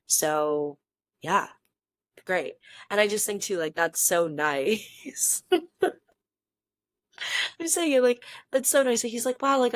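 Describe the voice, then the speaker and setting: A young woman in her twenties telling a story in a casual vlog, chatty and animated, laughing often and correcting herself as she goes. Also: lowish voice, no echo, studio quality. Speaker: vlogger.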